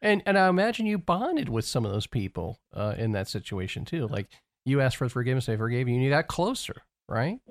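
A man's voice: medium pitch, sing-song, brisk, no room sound, clean studio sound. A man in his forties hosting an interview, asking questions and affirming his guest with murmured acknowledgments. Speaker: podcast host.

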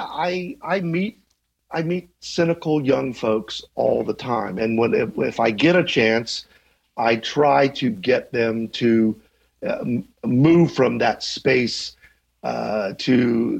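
Gravelly fifty-something man, lo-fi sound. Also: medium pitch. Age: 50s. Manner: thoughtful, restarts often, chuckles. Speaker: journalism teacher, guest. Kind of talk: conversational interview.

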